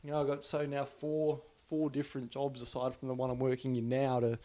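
A man's voice: mid-range voice, monotone, a little fast, warm tone. An Australian man ranting casually, profane and rambling, often restarting his sentences in exasperation. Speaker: podcaster. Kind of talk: casual rant.

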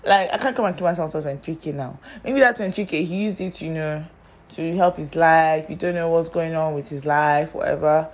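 A woman's voice: low-pitched, a little fast. Chatty young woman telling stories. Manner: chatty, exasperated, addresses listener directly. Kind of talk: casual storytime monologue.

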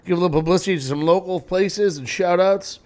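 A man's voice: high-pitched, brisk. A man hosting a local radio show from a studio mic, chatting casually and joking with laughter. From New England. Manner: jokey, animated, laughs often.

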